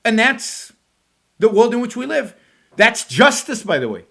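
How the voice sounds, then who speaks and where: Scornful high-pitched man commenting. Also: sing-song, a little slow, creaky, bright, forceful tone. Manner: mocking, scornful, emphatic. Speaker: show host reacting to a clip. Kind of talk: sarcastic commentary on a video clip.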